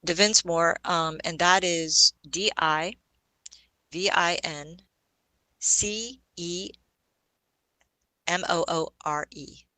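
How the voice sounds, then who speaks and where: A woman's voice: on the low side, slow, pauses often, sharp tone, no room sound, low-quality recording. A woman guesting on a podcast, telling about her music in a chatty way, often laughing and spelling names out. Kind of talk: casual podcast chat.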